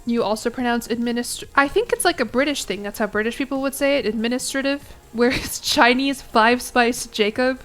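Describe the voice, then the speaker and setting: A woman streamer chatting casually with her chat while playing a game, with giggly asides and thinking out loud. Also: fairly high pitch, brisk, hardly any pauses, faint music behind.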